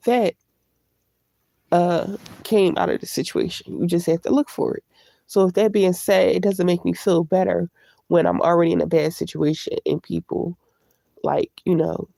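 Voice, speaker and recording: Congested gravelly woman chatting on a livestream. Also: fairly low pitch, mellow, dry recording. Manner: candid, chatty, greets live viewers. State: congested from a cold. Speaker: YouTube vlogger. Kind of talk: casual live-stream chat.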